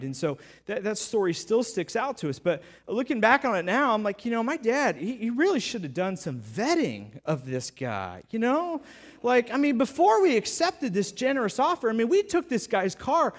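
High-voiced man preaching a sermon. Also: very animated, normal speed. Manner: storytelling, conversational with playful sarcasm. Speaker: pastor.

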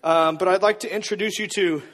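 A man's voice: high voice, fairly even intonation, brisk, fairly bright tone. A man preaching a sermon in a playful, upbeat way, speaking directly to his audience. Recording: reverberant hall.

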